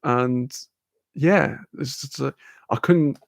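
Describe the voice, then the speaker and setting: A man's voice: mid-range voice, takes it slowly, creaky, no echo. A young man chatting casually on a livestream, rambling and swearing freely. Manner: rambling, swearing, laughing often. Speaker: streamer.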